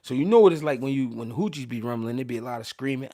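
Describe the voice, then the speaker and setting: A quick-paced man with a mid-range voice, he's a Philadelphia show host telling stories in a casual way. Animated and profane, he leans hard on slang and frequently restarts what he's saying.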